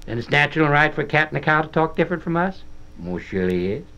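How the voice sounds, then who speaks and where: A man's voice: on the high side, level tone, racing, sharp tone, smooth. A man giving a folksy dramatic reading as a boy narrator, in plain-spoken rural dialect, on a dull old record.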